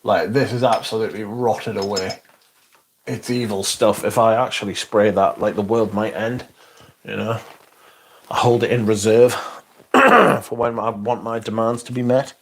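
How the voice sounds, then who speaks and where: Guy hosting a stream, gravelly voice, swears a lot, dry and sarky. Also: on the low side, fairly even intonation, measured pace, slight background noise. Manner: sweary, sardonic, reads chat aloud. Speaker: livestream host. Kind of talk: casual livestream chat.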